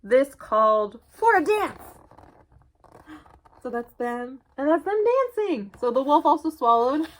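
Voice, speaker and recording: A woman librarian reads picture books to children during a virtual storytime, her voice sitting high and her pace a little slow. She's animated and keeps asking the kids questions.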